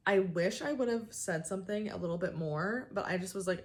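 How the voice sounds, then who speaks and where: A woman's voice: mid-range voice, fairly quick, few pauses. A young adult woman hosting her own show, telling a story in an exasperated, chatty way with lots of fillers. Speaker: host. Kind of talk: casual comedic rant to camera.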